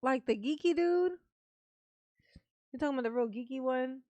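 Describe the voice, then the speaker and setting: A woman hosts a casual live stream, reading chat aloud and musing in a drawn-out way, playful and laughing. Her voice is high and mellow, with dull audio and no echo.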